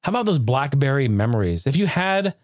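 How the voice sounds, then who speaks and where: A man hosting a podcast in loose, casual chat, animated and quick to joke and swear. His pitch is middling and his voice sounds dry and close to the mic. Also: no echo. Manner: animated, profane, joking. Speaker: podcast host.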